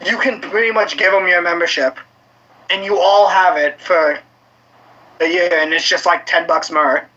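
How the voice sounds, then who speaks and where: A man co-hosting a casual gaming podcast, talking in an animated, profane way and bursting into shouts. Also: high voice, moderate pace. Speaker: podcast co-host. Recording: dull lo-fi audio.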